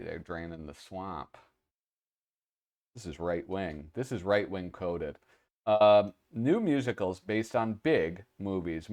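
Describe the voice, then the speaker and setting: Sleepy guy rambling through some old pages, kinda low voice, lots of ums. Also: a little mellow. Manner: rambling, hesitant with many fillers. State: sleepy, yawning. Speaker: host. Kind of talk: casual commentary.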